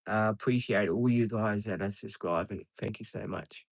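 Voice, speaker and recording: A man's voice: fairly low pitch, moderate pace, gravelly, no echo, low-quality recording. Chatty Australian man on a live stream. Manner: chatty, laughs often, calls viewers mate. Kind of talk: casual live stream chat.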